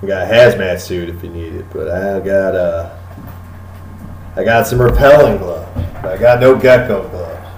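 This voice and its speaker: A man's voice: sits low, fairly even intonation, moderate pace, a little mellow, echoey room, slight background noise, poor audio. A man narrating as game master in a tabletop game, loose and casual with lots of filler.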